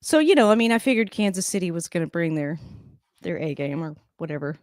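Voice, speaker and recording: A woman's voice: on the low side, lively intonation, fast, darkish tone, no echo. Chatty woman streamer, dry close sound. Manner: chatty and rambling, laughs often. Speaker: live-stream host. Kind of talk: casual live game reaction.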